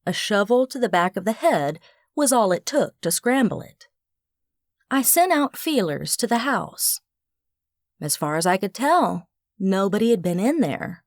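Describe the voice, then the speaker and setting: A woman narrating a first-person audiobook with an expressive, wry storytelling manner. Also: mid-range voice, no echo, studio quality.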